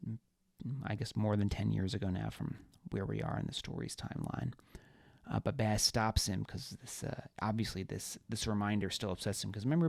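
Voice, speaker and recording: Gravelly-voiced man rambling through a book. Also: on the low side, a little mellow, no room sound, clean studio sound. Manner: rambling, many fillers and self-corrections. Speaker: author and podcast host. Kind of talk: casual book discussion.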